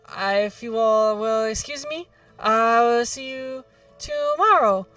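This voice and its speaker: A woman's voice: on the high side, very animated, a bit bright, no echo, voice pushed up, heavily acted. Woman doing a tipsy, genteel noble mother. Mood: polite. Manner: formal, halting. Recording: distant mic, faint music behind.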